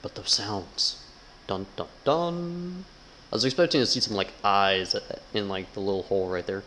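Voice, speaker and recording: A man's voice: sits low, a little fast, pushed and bright, slight background noise, rough recording. A man giving casual, sarcastic gameplay commentary, swearing a lot and reading game text aloud. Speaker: gamer.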